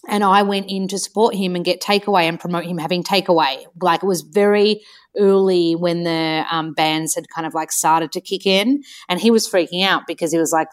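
An Australian woman hosting a podcast, telling a story in a chatty, expressive way. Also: lowish voice. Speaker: podcast host. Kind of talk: casual conversation.

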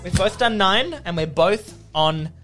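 Excitable man, higher voice. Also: unhurried, faint music behind. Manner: excitable, laughing, teasing. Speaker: podcast co-host. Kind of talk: comedic banter, reading lyrics dramatically.

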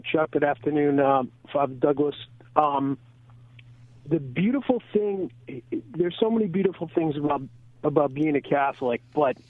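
A man calling in to a radio show, polite and searching for his words. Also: on the high side. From Boston area. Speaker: caller. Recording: phone line.

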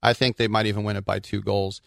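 A man from the Bay Area co-hosting a casual soccer podcast, telling quick anecdotes with lots of asides. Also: fairly low pitch, flat delivery, vocal fry, no room sound. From Bay Area, California. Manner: chatty storyteller, quick asides. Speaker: co-host.

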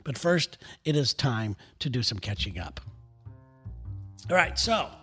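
A man's voice: mid-range voice, sing-song, measured pace, a bit bright, husky, soft background music. A man co-hosting a comedy podcast in a casual, rambling chat, laughing often. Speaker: podcast co-host.

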